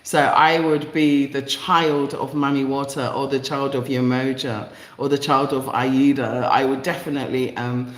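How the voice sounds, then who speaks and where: A woman's voice: a bass voice, flat delivery, moderate pace, hardly any pauses, reverberant. A woman with a London accent hosting a live stream, speaking passionately and emphatically, repeating phrases for effect and greeting viewers in the chat. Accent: London English. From East London, England. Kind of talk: live stream monologue reading viewer comments.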